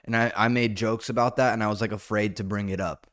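A man hosting a solo comedy podcast in a rambling, profane monologue, now and then jumping into loud, high-pitched bits. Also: fairly even intonation, fast talker.

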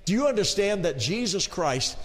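A male pastor preaching in a church, his voice high and very lively in pitch. He swings between hushed lines and ringing shouts and calls on the congregation to answer back. The sound rings with a long church reverb. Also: normal speed. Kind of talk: preaching sermon.

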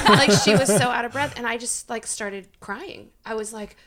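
Laughing, lively woman telling a story. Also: fairly high pitch, unhurried. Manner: animated, laughing, acts out quoted voices. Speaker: guest. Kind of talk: casual storytelling.

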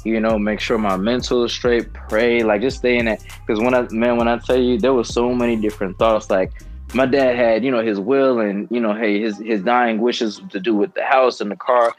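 A man's voice: mid-range voice, fairly even intonation, brisk, soft background music. A man guesting on a podcast, telling a personal testimony in an earnest, rambling way.

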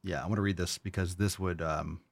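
A man's voice: deep voice, fairly even intonation, fairly quick, vocal fry, no echo. A young adult man hosting a podcast, answering listener questions in a blunt, heated, profane rant and mocking other people in a raised voice. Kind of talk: casual rant.

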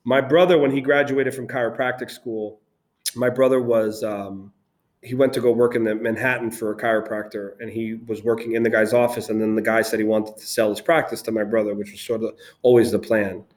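An agency founder, appearing as a guest in a casual interview, tells animated stories in a fairly quick, lowish voice. He restarts his sentences frequently.

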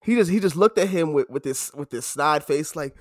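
Young male co-host, animated storyteller, bright-ish register, dry close sound. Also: fairly high pitch, brisk, no echo. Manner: animated storytelling with loud shouted impressions and frequent laughter. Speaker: podcast co-host. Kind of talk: casual chat.

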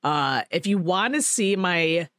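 A woman hosting a podcast, telling a rambling, animated story in casual chat, with swearing and laughter. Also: lowish voice, a little slow, no room sound, clean studio sound. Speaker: podcast host.

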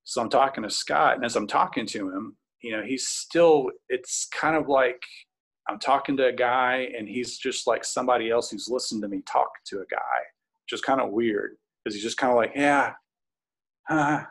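A man's voice: mid-range voice, normal speed, a bit bright, breathy edge. A man casually recounting a personal story, rambling with plenty of fillers and restarts. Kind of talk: casual spoken recollection.

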